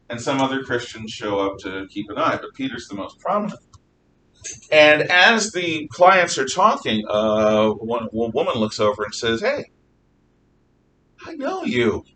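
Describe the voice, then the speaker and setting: A man teaching a class, retelling Bible stories in a lively, animated way and acting out the dialogue. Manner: animated, acts out dialogue with shifting voices. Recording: distant mic with faint rumble.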